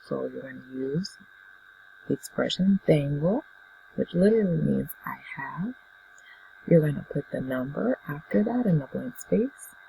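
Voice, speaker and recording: A woman teaching a beginner Spanish lesson, patiently saying words and pausing so students can repeat them. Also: sits low, vocal fry, lo-fi sound, a little hiss or hum. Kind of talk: classroom language lesson.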